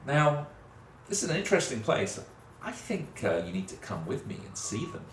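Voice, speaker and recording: Man performs a cheeky, rambly man returned from the undead, pitched up and lively, in a roomy room far from the mic. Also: moderate pace, lightly acted. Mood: teasing. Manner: chatty, teasing, rambling. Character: cheeky middle-aged man back from the undead. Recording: roomy sound, distant mic, faint hiss.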